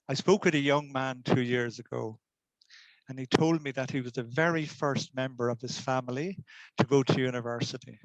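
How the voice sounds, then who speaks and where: An older man speaks in a measured, earnest storytelling way, with his voice sitting in a middling pitch. The sound is dry and close, with no room echo. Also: dull audio. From Ireland. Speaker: community education lecturer. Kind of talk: reflective talk to camera.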